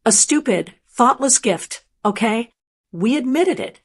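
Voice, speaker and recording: Woman reading an indignant, shouting middle-aged son. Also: a little high, expressive, unhurried, slightly rough, heavily acted. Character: angry grown son, middle-aged man, hot-tempered.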